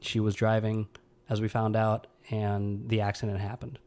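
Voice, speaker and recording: A man's voice: fairly low pitch, monotone, a little mellow. Somber man telling a personal story. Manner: somber, halting, with frequent restarts. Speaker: podcast host.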